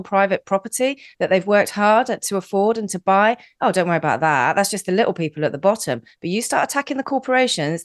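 A woman from the UK, a radio news contributor, talking in a chatty, animated way and often restarting her words. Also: medium pitch, no echo, studio quality. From United Kingdom. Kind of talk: casual radio chat.

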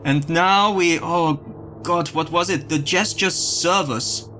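Over soft background music, a man with a fairly high, bright and forceful voice speaks slowly while leading a ritual in character during a tabletop game. He chants out commands and ritual words for the other players to repeat, often breaking into laughter. It is in-character tabletop role-play.

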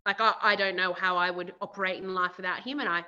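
A woman's voice: lowish voice, steady tone, fast talker, sharp tone, clear, resonant tone. A woman in her thirties, a guest on a podcast, talking candidly and reflectively with fillers and restarts. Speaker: podcast guest, sales director. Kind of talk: candid podcast interview chat. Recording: dull, muffled audio.

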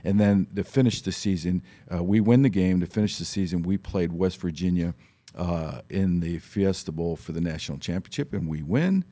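A man in his fifties from Ohio, a studio guest telling animated stories on a talk show and acting out the voices he quotes. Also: low voice, moderate pace. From Ohio, USA. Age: 50s. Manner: animated storyteller who acts out quoted voices. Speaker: studio guest, former football player. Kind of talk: casual talk show storytelling. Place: radio studio.

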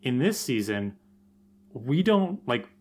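A man's voice: mid-range voice, big pitch swings, slow pace, a little mellow, a little hiss or hum. Thoughtful man analyzing episodes. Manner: analytical, hesitant restarts with fillers. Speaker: podcast co-host. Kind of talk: casual recap chat.

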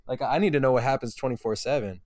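A man's voice: medium pitch, quick pace, darkish tone, dry recording, clean studio sound. Rambling, swearing podcast guy. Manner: rambling, profane, many fillers. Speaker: podcast co-host. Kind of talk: casual sports chat.

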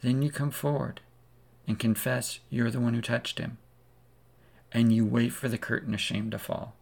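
A man's voice: mid-range voice, fairly even intonation, moderate pace, gravelly. A man preaching a sermon, retelling a story vividly in the second person as a preacher.

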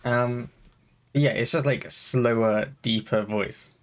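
A chatty man talking casually on a podcast, his sentences wandering with ums and restarts. He keeps a loose, friendly conversational flow, his pitch sitting in an ordinary middle range. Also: steady tone, slow pace. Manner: rambling, chatty, many fillers. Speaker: podcast co-host and streamer. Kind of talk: casual chat.

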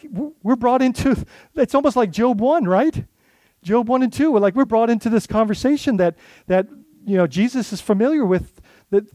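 A man's voice: high-pitched, warm tone, no room sound. A male lead pastor preaching a sermon in a conversational way, full of rhetorical questions and restarts.

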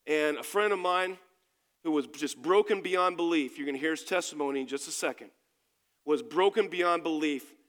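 A man preaches a sermon, asking his congregation question after question with emphatic force. His voice sits high for a man. It rings out with the long reverb of a church hall. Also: moderate pace, a bit bright. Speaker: pastor. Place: church sanctuary.

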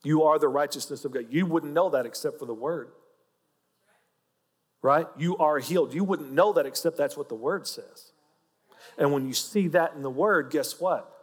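A man's voice: on the high side, normal speed, long reverb tail. A man with an Oklahoma accent preaching a sermon, folksy and joking as he teaches. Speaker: pastor.

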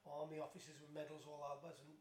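A man's voice: on the high side, monotone, fast talker, darkish tone, roomy sound, slight background noise. A middle-aged man, a former footballer telling stories in an unscripted interview, rambling and self-deprecating with lots of restarts. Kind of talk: unscripted chat.

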